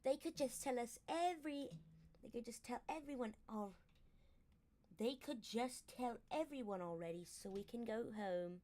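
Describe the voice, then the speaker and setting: A woman reading aloud and voicing young dragonets in a fantasy book, in a lively, quick manner. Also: fairly high pitch, voice pushed up, lightly acted. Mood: complaining.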